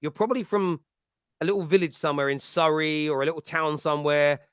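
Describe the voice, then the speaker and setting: Male host, East London accent, slightly high voice, lively chat with laughs and restarts. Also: quick pace, smooth, no echo, clean studio sound. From East London, England. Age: adult with a school-age child. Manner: animated, chatty, laughs often, frequent restarts. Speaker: fan podcast host. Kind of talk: casual chat, answering live chat comments.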